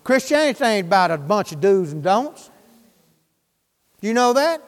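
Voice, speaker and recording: A preacher, a man with a high voice, delivers a fervent, folksy sermon. He peppers the congregation with quick questions. His voice rings out with a long reverb in a church hall. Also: big pitch swings.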